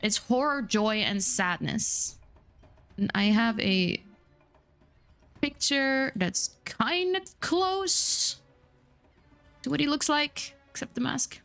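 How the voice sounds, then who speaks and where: A woman's voice: high voice, lively intonation, slow pace, long pauses, a bit bright. Chatty woman game master narrating. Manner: descriptive, chatty, with many fillers. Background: faint music.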